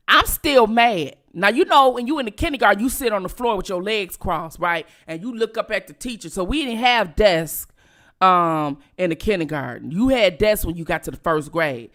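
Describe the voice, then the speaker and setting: A woman's voice: mid-range voice, normal speed. A middle-aged woman vlogger telling a childhood story casually, cursing freely and talking straight to her viewers. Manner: profane, animated, addresses viewers directly. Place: at home.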